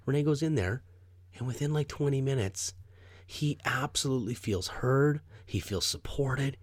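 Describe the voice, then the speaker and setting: A man in his thirties hosting a podcast, telling candid stories and acting out quotes with big swings in pitch and loudness. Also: normal speed, no echo, clean studio sound. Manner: animated, acts out quotes with big jumps in pitch and volume. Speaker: podcast host. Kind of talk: candid conversational storytelling.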